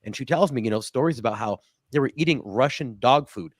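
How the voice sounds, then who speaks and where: A man of Cuban family hosting a casual political talk stream, blunt and quick, with frequent restarts. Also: mid-range voice, dry recording, studio quality. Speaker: host.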